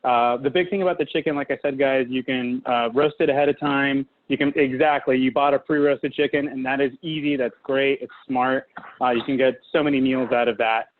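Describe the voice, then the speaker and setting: A man's voice: mid-range voice, steady tone, fairly quick, hardly any pauses. A man from California, a guest chef talking casually and enthusiastically, with many fillers, over a video call. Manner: chatty, filler-heavy, enthusiastic. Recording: tinny video-call audio, faint hiss.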